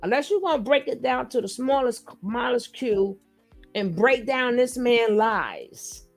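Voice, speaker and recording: A woman's voice: a little high, lively intonation, a little slow, vocal fry, faint music behind. A woman hosting a reaction commentary, talking bluntly and mockingly with plenty of profanity. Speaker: commentary channel host.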